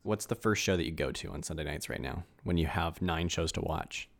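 A man co-hosting a casual chat, musing and relaxed, with lots of filler words. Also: sits low, fairly quick, gravelly. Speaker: podcast co-host.

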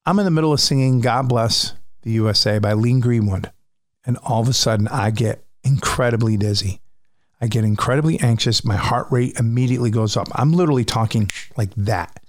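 A man's voice: medium pitch, fairly quick, no echo, studio quality. A man, a musician, frankly recounting a personal story with vivid, profane retelling.

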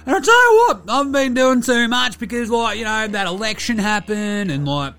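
A man's voice: very high voice, a little fast, voice pushed up, heavily acted. A man voicing a crude, laid-back Australian basketballer with a broad Australian accent, swearing and full of slang. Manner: swears constantly, slangy and excitable.

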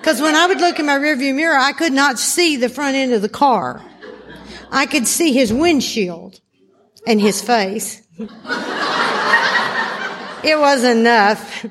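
Woman workshop speaker, high voice, animated laughing storyteller, reverberant hall. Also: measured pace. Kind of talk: storytelling talk to a live audience. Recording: hall reverb, faint noise.

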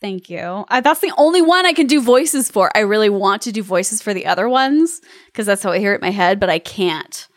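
A woman's voice: medium pitch, expressive, a little fast, no echo, studio quality. A woman co-hosting a podcast in casual chat, gushing and laughing often. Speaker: podcast co-host.

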